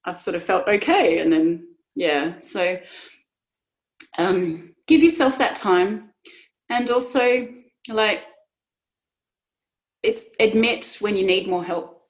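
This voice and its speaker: A woman's voice: medium pitch, expressive, slow pace, long pauses. A woman in her thirties speaking earnestly and emotionally about her own experiences, with many restarts. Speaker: podcast guest. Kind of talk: personal conversation.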